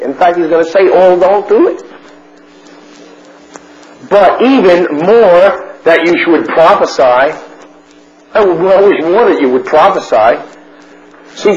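A man's voice: high-pitched, darkish tone. A man teaching a Bible study as a sermon, bluntly asking questions and answering them himself. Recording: muffled recording with faint noise.

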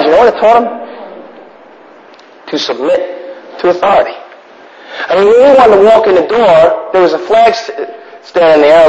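Man spinning wry old stories, kinda high voice, echoey hall, muffled sound. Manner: animated, wry, acts out voices in his stories. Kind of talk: casual anecdotal storytelling to an audience.

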